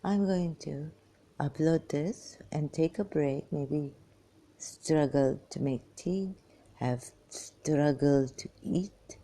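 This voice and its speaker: A tired, weak woman rambling through a personal monologue for her vlog in halting, broken phrases. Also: low-pitched, mellow. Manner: halting, fragmented speech with many pauses. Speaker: vlogger.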